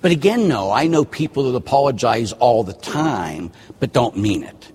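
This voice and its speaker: Husky male priest guest, lively delivery, plays out little scenes, long reverb. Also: mid-range voice, moderate pace. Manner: animated, acts out quoted dialogue. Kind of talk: casual chat.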